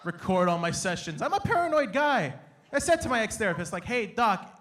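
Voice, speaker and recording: A young man from Canada doing an animated, playful stand-up comedy set on a stage, acting out his family in quick bits. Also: sits high. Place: comedy stage before a live audience.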